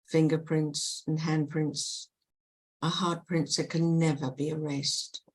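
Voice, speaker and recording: A woman with a low voice leads a guided meditation. She talks slowly and gently, in a soothing tone. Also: little pitch movement, husky, poor audio. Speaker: guest, past life regression hypnotherapist.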